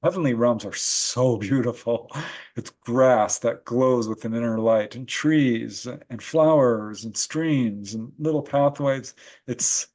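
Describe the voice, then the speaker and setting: A man of middle pitch tells his stories as a podcast guest. He is animated and laughs often as he speaks, with a relaxed conversational flow. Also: takes it slowly. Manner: animated storyteller who laughs often while recounting experiences. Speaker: guest, paranormal researcher and author. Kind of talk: casual interview storytelling.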